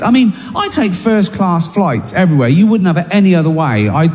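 A man's voice: high-pitched, expressive, brisk, a little mellow. A man telling a self-mocking stand-up story in a dry way. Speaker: stand-up comedian. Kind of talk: stand-up routine. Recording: reverberant hall.

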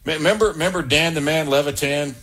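A man's voice: on the high side, fast, a loud crowd. A man hosting a call-in sports radio show, upbeat and joking, steering callers from topic to topic. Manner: upbeat, jokes and quotes movie lines. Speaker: radio sports talk host.

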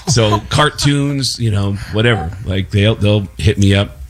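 A male voice actor from the Bronx with no regional accent, telling animated stories as a talk show guest and laughing through them. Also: on the low side, measured pace, few pauses. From Bronx, New York.

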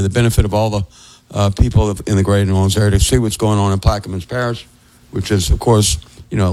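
A fairly low-voiced man co-hosting a radio talk show, wandering from point to point with chuckling asides. He speaks into a studio microphone in a dry, close sound. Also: darkish tone, no echo, rough recording. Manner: rambling, digressive, chuckling asides. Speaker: radio co-host and minister.

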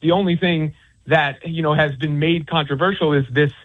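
Heard through a tinny phone line, a male author and sports commentator with a husky, somewhat raised voice fields interview questions. His tone stays steady and his speed normal, yet he rambles, circling with restarts, fillers and stacked examples.

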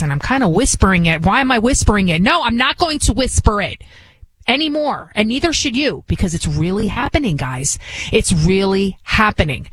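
A woman's voice: mid-range voice, dry recording, poor audio. A woman hosting a talk show, delivering opinionated political commentary with heavy emphasis and repeated phrases. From United States.

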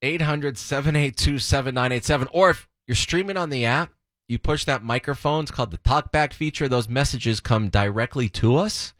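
A man's voice: medium pitch, normal speed, fairly bright tone, no room sound, clean studio sound. A man co-hosting a radio show, playful and easily exasperated as he banters. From Los Angeles. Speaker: radio co-host. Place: radio studio. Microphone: studio microphone.

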